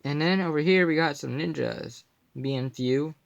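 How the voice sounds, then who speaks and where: A man's voice: fairly high pitch, a little slow, vocal fry, lo-fi sound, slight background noise. A young man casually commenting on his card collection, slipping goofy puns and mumbled asides in between.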